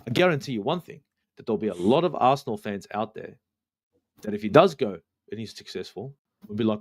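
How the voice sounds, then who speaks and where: A man's voice: mid-range voice, lively intonation, fast talker, long pauses. A man with an Australian accent, co-hosting a football fan stream and ranting bluntly with plenty of swearing. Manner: blunt, profane, worked-up. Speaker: co-host. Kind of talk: heated fan rant.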